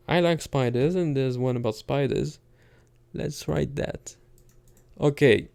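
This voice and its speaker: A man's voice: mid-range voice, gravelly, dark tone. A man in casual thinking-aloud commentary, muttering asides as he types and reads lines aloud while gaming. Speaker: gamer reading poetry into a game.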